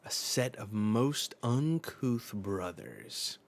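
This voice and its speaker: A man voicing a menacing ancient ruler who speaks in slow, solemn, old-fashioned diction. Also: on the low side, sing-song, creaky, full character voice.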